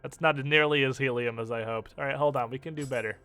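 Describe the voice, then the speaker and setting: Bright-voiced joking young streamer man. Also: mid-range voice, quick pace, clear, resonant tone, soft background music. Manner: joking, profane, animated. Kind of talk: casual gameplay commentary.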